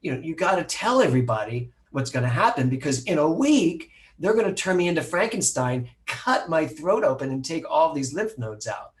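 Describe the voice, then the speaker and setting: A middle-aged man, a minister, telling a personal story to a live audience, animated and acting out the voices of the people he quotes. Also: a little high, normal speed, few pauses. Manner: animated, acts out quoted voices, laughs at himself.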